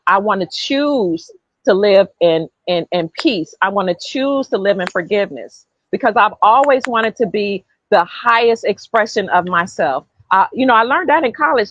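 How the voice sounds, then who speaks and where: A woman's voice: medium pitch, fairly bright tone, no room sound. A woman hosts a casual podcast and tells her story earnestly, circling back over her own words. Her voice is dry and close, and the recording sounds a little dull. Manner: earnest storytelling, repeats herself. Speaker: podcast host.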